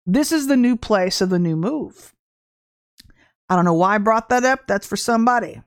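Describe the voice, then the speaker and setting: A middle-aged woman giving an informal testimony sermon on a livestream, animated and storytelling, with laughter and acted-out quotes. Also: mid-range voice, normal speed, no echo, clean studio sound. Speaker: livestream minister.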